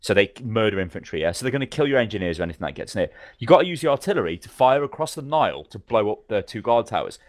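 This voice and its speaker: A man co-hosting a podcast, telling game stories in a fast, animated, swearing manner. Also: fairly low pitch, no room sound, studio quality. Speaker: podcast co-host. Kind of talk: casual gaming chat.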